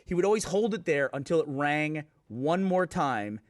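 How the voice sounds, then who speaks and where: A man's voice: on the high side, animated, normal speed. A man in casual conversation, telling an exasperated story with some swearing. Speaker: podcast regular. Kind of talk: casual chat.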